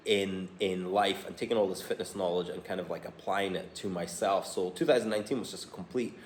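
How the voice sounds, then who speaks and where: A blunt, plain-spoken man in his forties, a health coach, reading from his phone and talking straight to camera. His voice sits fairly low. He records in a room with an echo and a faint hum of ambience behind him. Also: steady tone, fairly quick. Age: 40s. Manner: candid, blunt, swears casually. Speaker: personal trainer and health coach.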